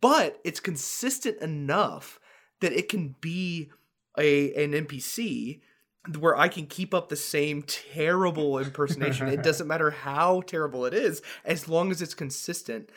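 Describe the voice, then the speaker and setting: A man's voice: a little high, a little slow, fairly bright tone. Rambling casual male podcast host. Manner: rambling, filler-heavy, laughs while talking. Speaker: podcast co-host and dungeon master.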